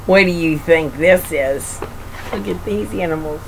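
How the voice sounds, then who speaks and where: A woman reading a picture book aloud to children, with gentle, doting asides to a child. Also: lowish voice, measured pace, creaky, noisy background. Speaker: reader of children's books.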